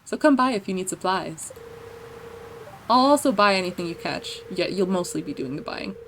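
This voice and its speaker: A woman's voice: medium pitch, expressive, moderate pace, fairly bright tone, slight background noise. A woman voicing a jolly old male fisherman and shopkeeper, reading his lines in a folksy, hearty way, in a farming video game. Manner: folksy, hearty, read-aloud dialogue.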